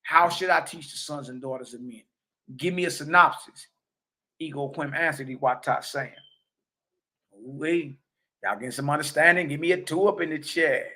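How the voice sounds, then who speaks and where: A man gives a religious lesson, reading passages slowly and commenting casually and emphatically, with catchphrases he keeps repeating. His voice is fairly high-pitched and sharp in tone.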